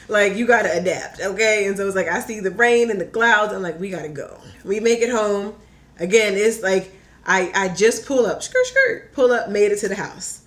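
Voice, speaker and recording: A young woman telling a personal story in casual chat, animated and full of "like", acting out her own quotes. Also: mid-range voice. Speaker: podcast guest.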